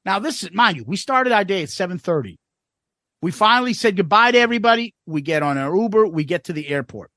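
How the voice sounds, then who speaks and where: A man's voice: high voice, lively intonation, fast, pushed and bright, dry recording, studio quality. A man in his forties co-hosting a podcast, chatting in a laid-back, profane way. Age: 40s. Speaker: podcast co-host. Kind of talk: casual podcast chat.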